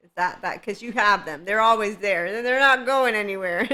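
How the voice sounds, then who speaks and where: Female podcast host, bright tone, mid-range pitch, rambling spiritual monologue with frequent laughs and sarcastic asides. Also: normal speed.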